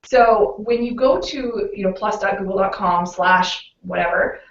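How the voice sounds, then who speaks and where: A Canadian woman talks through a webinar in a relaxed, explaining way, leaning on "um" and "you know". She sounds a little off the mic, in a roomy space. The audio is muffled and lo-fi. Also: medium pitch, measured pace, recorded from a distance. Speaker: local SEO consultant presenting a webinar. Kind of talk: webinar presentation.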